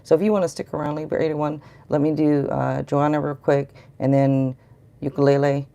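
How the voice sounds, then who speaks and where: A woman's voice: sits low, little pitch movement, normal speed, vocal fry, mellow, muffled recording. A middle-aged woman giving a rambling, chatty live tarot reading and talking to viewers in the chat. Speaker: tarot reader.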